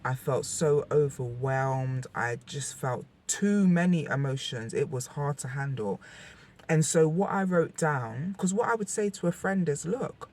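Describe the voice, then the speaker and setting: A woman's voice: low-pitched, animated, moderate pace, a little mellow. A young woman talking candidly to camera in a personal vlog, emotional and rambling, often restarting her sentences. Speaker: vlogger.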